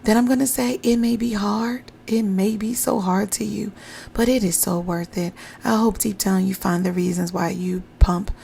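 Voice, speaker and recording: A woman's voice: mid-range voice, steady tone, moderate pace, vocal fry, mellow, a little hiss or hum. A woman hosting a podcast, speaking encouraging, repetitive affirmations into a microphone. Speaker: podcast host and pumping coach.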